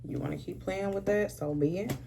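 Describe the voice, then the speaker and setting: A woman's voice: mid-range voice, a little fast, vocal fry, mellow, slight background noise. A woman in her thirties chatting casually and sassily while doing her makeup, calling her viewers "honey" all through. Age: 30s. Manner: chatty, sassy, says "honey" a lot. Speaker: beauty vlogger.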